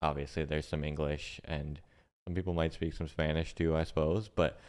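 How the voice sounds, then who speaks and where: A man's voice: a bass voice, little pitch movement, normal speed, a little mellow, smooth. An American man co-hosting a reaction video, rambling in casual chat. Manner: rambling, lots of fillers and restarts.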